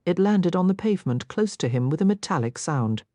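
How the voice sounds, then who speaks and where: A woman narrating a romance audiobook in an expressive, scripted reading. Her voice is low, yet it rises and falls in an animated way. The recording is close and dry, with no sound of the room. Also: brisk, dry recording.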